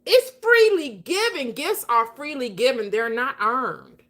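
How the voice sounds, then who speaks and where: A woman with a high-pitched, slightly bright voice hosts a livestream, speaking in an animated but unhurried way. Her casual motivational talk is emphatic and preachy, and she laughs a lot.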